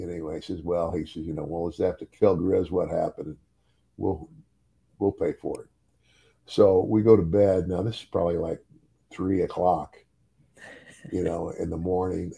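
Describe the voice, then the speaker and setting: A man's voice: sits low, level tone, unhurried, gravelly, mellow, breathy edge. An older man and former wrestler telling a story in casual chat, chuckling often and repeating words as he goes.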